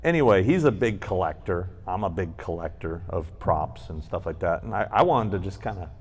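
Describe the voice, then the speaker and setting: A man with a fairly low voice tells a long, rambling story on a live convention panel. He swears freely and slips into the voices of the people he quotes. It sounds like a handheld mic in a panel room. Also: expressive, fairly quick, breathy edge. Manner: rambling, profane anecdotes with acted-out quotes. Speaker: podcast co-host.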